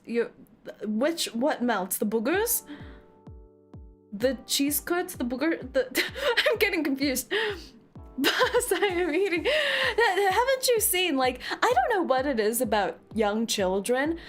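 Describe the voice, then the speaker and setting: A young woman with a high voice chats with her live-stream viewers, playful and theatrical, teasing them at an unhurried pace. Faint music plays behind her. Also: big pitch swings. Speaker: VTuber streamer.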